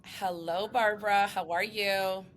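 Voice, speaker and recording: A woman's voice: mid-range voice, steady tone, measured pace. A woman hosting a podcast interview, talking in an enthusiastic, effusive way. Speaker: podcast host. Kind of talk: warm interview chat.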